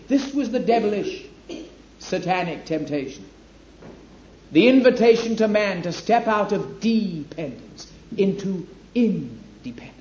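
A man preaching a sermon with an emphatic, declaiming delivery. His voice sits high for a man. The recording is echoey and dull, with faint room ambience behind him. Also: big pitch swings, measured pace, slight background noise. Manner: emphatic, rising to loud declamation on scripture.

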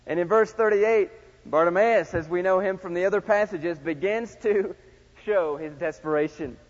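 A high-voiced middle-aged man preaches with big dynamic swings, booming one moment and dropping to near-quiet the next. His voice rings through a large church with long reverb, and the recording is slightly dull and muffled. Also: normal speed. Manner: dynamic preaching, swings from loud shouts to hushed tones. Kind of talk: sermon.

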